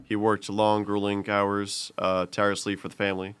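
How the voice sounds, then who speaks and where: A young American man, a podcast co-host, telling stories in casual chat with halting restarts. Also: on the low side, completely flat delivery, a bit bright, clear, resonant tone, no room sound. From United States. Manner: rambling storyteller with halting restarts.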